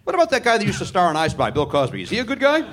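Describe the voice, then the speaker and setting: A male comedy host working a live theatre crowd, his voice swinging widely in pitch. He sits a bit high and riffs in a sarcastic, swearing, joking way, bantering with the crowd and his guest. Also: wildly swooping pitch, racing, background noise. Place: theatre stage before a live audience.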